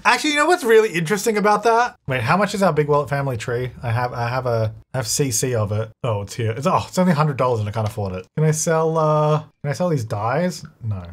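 Man, let's-play commentary, animated pitch swings, slightly high voice, chatty and self-correcting. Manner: excitable bursts, quick laughs. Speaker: gaming channel host.

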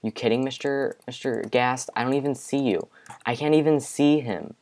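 A young man giving casual let's-play commentary from his bedroom, excitable, with panicky outbursts and repeated exclamations. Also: mid-range voice, normal speed. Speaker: gaming video creator. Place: home bedroom.

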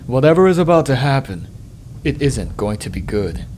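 Man reading game text, slow and dramatic. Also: big pitch swings, a little mellow, slight background noise. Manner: measured dramatic reading, dropping low and slow on ominous lines. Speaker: let's play host.

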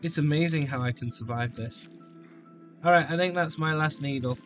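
A man giving let's play commentary on a shooter, jokey and taunting enemies with sudden shouts. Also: a little high, normal speed, soft background music. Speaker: gameplay commentator.

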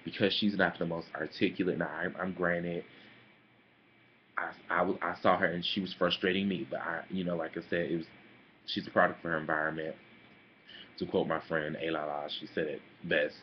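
Sassy deep-voiced young man vlogging. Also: fairly quick, highs cut off, slight background noise. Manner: sassy, animated, calls listeners honey and girl. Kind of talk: casual opinion vlog.

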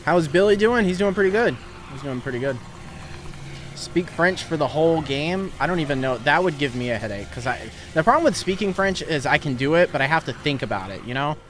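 A young man streaming a game, chatting casually, laughing often and quickly thanking viewers. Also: a little high, lively intonation, a bit bright, slight background noise. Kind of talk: casual gaming livestream chat.

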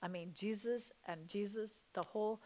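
A woman's voice: mid-range voice, moderate pace. Chatty woman telling her testimony. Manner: animated, chatty storyteller addressing viewers as y'all. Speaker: ministry founder giving testimony. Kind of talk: personal testimony storytelling.

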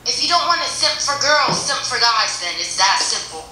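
A woman's voice: on the high side, expressive, moderate pace, bright, forceful tone. A woman on a video chat, mocking and giggling as she talks. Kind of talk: casual chat. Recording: very echoey room with faint noise.

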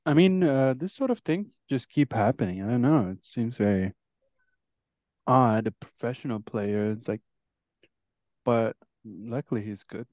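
A man's voice: medium pitch, expressive, measured pace, a little mellow, no echo. A man co-hosting a casual podcast, speaking hesitantly on a dull lo-fi mic. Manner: hesitant, loose. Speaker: podcast co-host. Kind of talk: casual chat.

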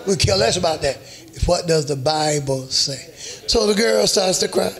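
A male preacher delivering a sermon in an emphatic, repetitive way that rises to shouts. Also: high-pitched, lively intonation, moderate pace.

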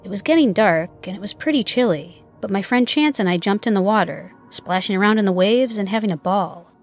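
Female narrator for first-person horror reading, measured and steady, mid-range voice. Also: medium pitch, soft background music. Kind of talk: scripted narration.

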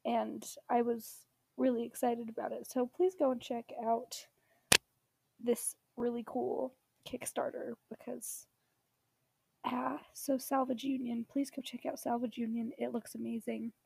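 A high-pitched woman with a gravelly, fry-edged voice that is giving out on her. She rambles eagerly through shout-outs for her tabletop gaming channel. Her tone is mellow and dark, and the sound is close and dry. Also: level tone, unhurried, no room sound. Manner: enthusiastic, rambling, many ums. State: losing her voice. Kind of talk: casual product shout-outs.

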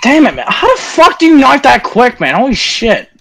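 A man in casual chat with friends during an online shooter, excitable, swearing and complaining between laughs. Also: extremely high pitch, normal speed, vocal fry, slight background noise. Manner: excitable, swears a lot, frustrated outbursts. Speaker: gamer.

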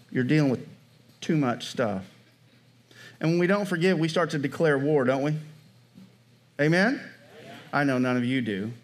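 Here a pastor with a mid-range male voice preaches casually to his congregation. Throughout, he checks in with them by asking "Amen?" and "right?"

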